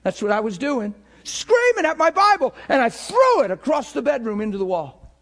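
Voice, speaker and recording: A middle-aged male pastor preaching a sermon with passion, dropping to near whispers and rising to shouts. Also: very high-pitched, big pitch swings, brisk. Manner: impassioned preaching that swings between hushed and shouted.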